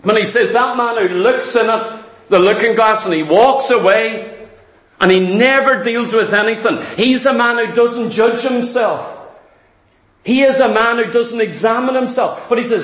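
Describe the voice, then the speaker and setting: A man with a Northern English accent preaching a sermon, fervent and quick, firing rhetorical questions at his listeners. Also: very high voice, fairly bright tone, echoey room.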